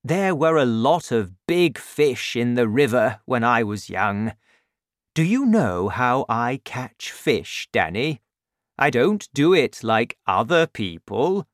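A man voicing a kind village doctor over seventy for a storybook, who gets loud and worked up when outraged. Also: mid-range voice, slow pace, dry recording, studio quality. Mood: kindly. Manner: excitable, raises voice when outraged.

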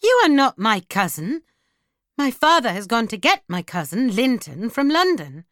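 A woman voicing a spoiled, excitable teenage girl of a grand house, with high, loud, haughty outbursts. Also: a little slow, no room sound, clean studio sound. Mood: mocking.

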